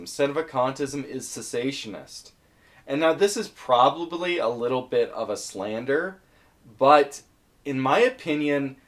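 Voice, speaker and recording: Man, mid pitch, casual explainer, conversational, thinks aloud, hedges and fillers. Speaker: video essayist. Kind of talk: explaining topics from a list in casual commentary.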